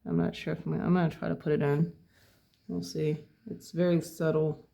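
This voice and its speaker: A painting teacher talks through a tutorial in a gravelly voice with a dark, mellow tone. They take their time and think aloud about each step of the work. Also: mid-range voice, level tone, fairly quick. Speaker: painting instructor.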